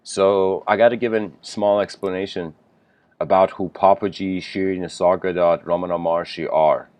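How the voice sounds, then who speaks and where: Casual man lecturing, throat-clearing. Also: on the low side, a little mellow, dry recording. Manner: rambling, frequent throat clearing and laughs. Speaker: spiritual lecturer.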